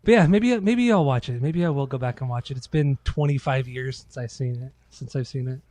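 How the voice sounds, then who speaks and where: A man's voice: mid-range voice, fairly quick, a little mellow, dry recording. Chatty man with a dry close sound. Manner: loose, profane storytelling with quoted voices. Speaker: podcast co-host. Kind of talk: casual chat.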